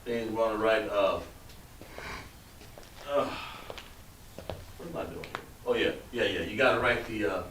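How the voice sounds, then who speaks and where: Male teacher, slow and patient, heard from across an echoey room. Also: fairly low pitch, fairly bright tone. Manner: patient, coaxing, trails off while writing. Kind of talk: classroom instruction. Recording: roomy, distant mic with background noise.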